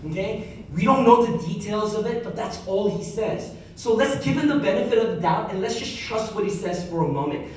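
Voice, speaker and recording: A man's voice: high voice, darkish tone, slight background noise. Male pastor preaching in an echoey hall. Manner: conversational, joking asides, repeats key lines. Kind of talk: sermon. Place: large echoey church hall with congregation. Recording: very echoey hall heard from far off.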